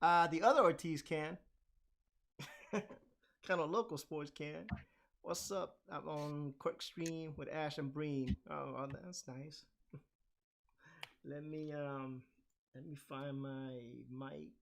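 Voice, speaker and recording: Loud guy hosting a live stream, voice a bit high, laughs a lot, desk mic. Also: fairly even intonation, slow pace, gravelly, pauses often, slight background noise. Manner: loud, laughing, talks while drawing. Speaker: streamer host. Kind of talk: casual chat. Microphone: desk mic with gain turned up.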